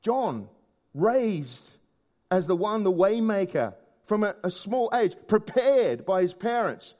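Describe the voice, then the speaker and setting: A man preaching a sermon in a conversational way, often asking rhetorical questions and swinging between hushed low lines and raised emphatic ones. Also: sing-song, takes it slowly.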